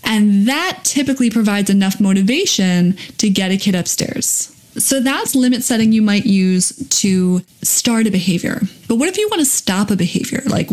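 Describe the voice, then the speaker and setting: A woman's voice: mid-range voice, a little mellow. A woman hosting a parenting podcast as a play therapist, explaining step by step and acting out what a parent should say. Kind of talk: podcast teaching.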